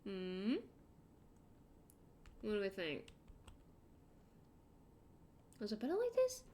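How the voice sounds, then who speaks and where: An Australian woman streaming a game, chatting casually in an excitable, rambling way. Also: medium pitch, slow, a little hiss or hum. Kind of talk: casual chat while gaming.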